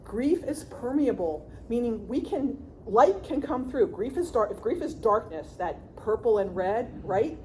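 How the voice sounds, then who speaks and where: A middle-aged woman giving a workshop talk on grief as a counselor, chatty and lively, often checking in with the audience and laughing. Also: a little high, a little slow, few pauses, slight background noise.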